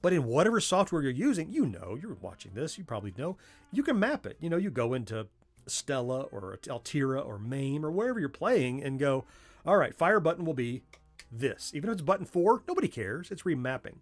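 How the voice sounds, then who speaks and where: A man's voice: fairly high pitch, big pitch swings, fairly quick, faint music behind. A middle-aged man with a Southern US accent, hosting a casual livestream from a home workspace and chatting in a way that wanders off on tangents. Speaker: livestream host.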